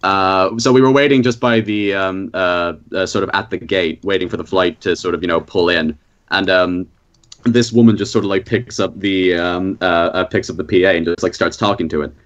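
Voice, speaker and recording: A man's voice: low voice, moderate pace, dull audio. An Irish man chatting casually on a podcast, rambling with many fillers and restarts. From Ireland. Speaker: podcast guest. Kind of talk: casual chat.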